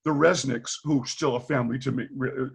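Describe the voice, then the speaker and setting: A man's voice: mid-range voice, brisk, gravelly, slightly rough. An older man from Boston, a former teacher, telling stories on a video call and acting out the voices in them with frequent laughter. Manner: animated storyteller, acts out quoted dialogue, laughs often. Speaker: retired teacher, guest. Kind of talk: candid storytelling in a video call.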